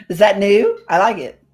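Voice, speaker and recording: A woman's voice: mid-range voice, a little mellow, husky. A woman chatting casually on a streamed show, telling stories with some mild swearing. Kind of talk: casual chat. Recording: faint music behind.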